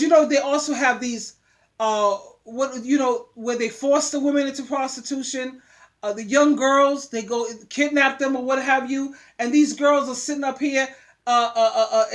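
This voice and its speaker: High-voiced woman scolding in a monologue. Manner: preachy, scolding, repeats words. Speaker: vlogger giving advice. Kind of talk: emphatic monologue.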